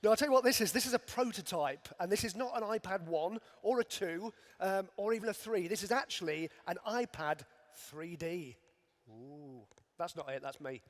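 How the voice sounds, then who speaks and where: A man's voice: high-pitched, normal speed. A middle-aged man, a magician, doing dry, self-mocking comic patter on a stage. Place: large arena stage. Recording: long arena reverb.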